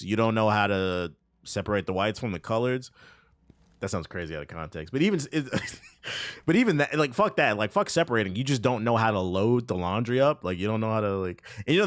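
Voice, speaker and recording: A man's voice: fairly low pitch, very animated, fairly quick, no echo. Profane storytelling streamer man in his thirties. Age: 30s. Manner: loose, profane storytelling with laughs and asides. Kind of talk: casual gaming stream chat.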